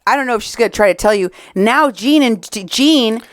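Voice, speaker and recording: A woman's voice: a little high, animated, fairly quick, no echo. A Mexican American woman hosting a podcast, commenting on recorded clips in an indignant, sarcastic way. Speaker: podcast host.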